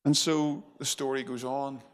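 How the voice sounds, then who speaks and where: A man's voice: mid-range voice, little pitch movement, normal speed. A man preaching a sermon in a conversational way, full of fillers and restarts. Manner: conversational, with many fillers and restarts, acting out quotes.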